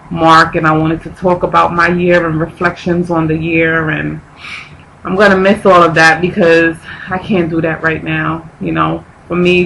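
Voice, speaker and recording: A woman speaks to her viewers in a personal vlog, fighting back tears as she talks. Her voice is gravelly and tense, and she halts and repeats herself, searching for words. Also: lowish voice, a bit bright, slight background noise, rough recording. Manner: halting, repeats herself, restarts often. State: near tears, grieving. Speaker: vlogger.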